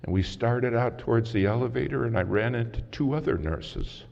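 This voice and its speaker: A man preaching a sermon as a story, dramatic and swinging from loud to hushed, recorded in a large conference hall. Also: mid-range voice, animated, normal speed, gravelly. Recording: muffled hall recording with faint hiss.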